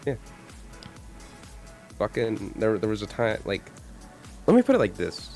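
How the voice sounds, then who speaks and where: A low-voiced man with a gravelly, creaky edge, ranting on a live stream with heavy swearing and constant restarts. Faint music plays quietly under his voice. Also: measured pace. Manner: profane, animated ranting with many restarts. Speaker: streamer co-host. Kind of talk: casual live-stream chat.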